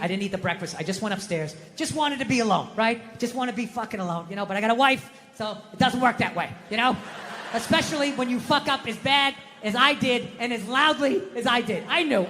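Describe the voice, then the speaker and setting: Brief: middle-aged male stand-up, bright forceful delivery, profane self-deprecating rants, live room with long reverb. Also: very high voice, fairly quick, slight background noise. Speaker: stand-up comedian. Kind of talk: stand-up comedy routine. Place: comedy stage before a live audience.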